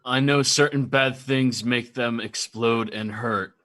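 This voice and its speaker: Man, tabletop player, casual direct chat, bright tone. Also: medium pitch, steady tone, takes it slowly.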